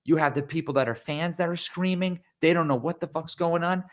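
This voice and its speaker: A young man co-hosting a podcast, recapping a fight in excited casual chat, swearing and acting out the crowd's reactions. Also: on the high side, fairly quick. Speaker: podcast co-host.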